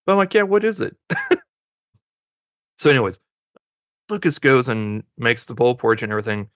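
A man's voice: medium pitch, big pitch swings, moderate pace, fairly bright tone, dry recording. A man co-hosting a podcast, casually retelling a movie plot and acting out the characters' lines in passing. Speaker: podcast co-host. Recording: dull lo-fi dry sound.

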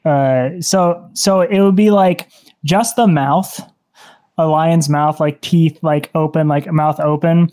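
A man's voice: fairly high pitch, steady tone, slow pace, mellow. A man playing in a tabletop game, describing things at length with many fillers. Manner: rambling, lots of "like". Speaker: player.

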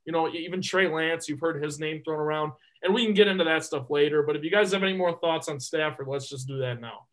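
A man's voice: a little high, fast, few pauses, poor audio. A man co-hosting a sports podcast, talking casually and emphatically, often repeating words as he gets going. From Detroit area. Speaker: podcast co-host.

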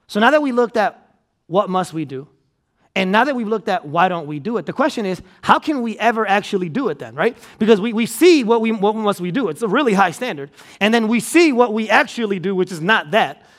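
High-voiced man preaching energetically. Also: fairly quick. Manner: energetic, repetitive preaching with restarts and emphatic repeats. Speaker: pastor. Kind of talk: sermon. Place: church auditorium.

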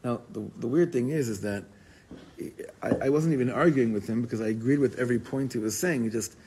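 A man giving an informal, animated Torah class, telling stories and mixing in Hebrew and Yiddish words. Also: medium pitch, a little fast, noisy background. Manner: animated storytelling, code-switching with Hebrew and Yiddish terms.

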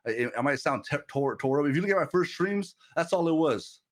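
Animated man preaching on a livestream. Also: fairly high pitch, fairly quick. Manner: animated, repeats words and restarts, laughs often. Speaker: streamer preacher. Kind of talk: casual livestream sermon. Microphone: headset mic.

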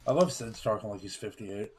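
A man's voice: fairly low pitch, a little fast, a little mellow, low-quality recording. A man teasing his friends and joking around in casual banter. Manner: teasing, laughing, goofy.

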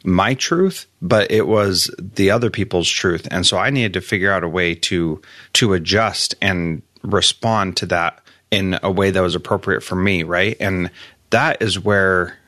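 A man's voice: sits low, a little slow, bright, forceful tone, no room sound, studio quality. A man hosting a podcast, speaking in an earnest, encouraging and reflective way. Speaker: podcast host. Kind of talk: casual interview chat.

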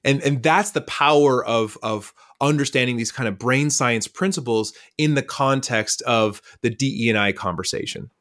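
A man speaking as a podcast guest, telling stories in a lively conversational way and acting out the dialogue. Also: medium pitch, normal speed, few pauses. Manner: lively storyteller who acts out dialogue. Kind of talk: conversational storytelling.

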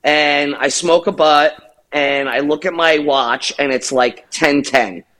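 Man, middle-aged, rambling storyteller, slow drawl, slightly high voice. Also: fairly even intonation, a bit bright. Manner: rambling, profane, laughing storyteller. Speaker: podcast co-host. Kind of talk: casual storytelling.

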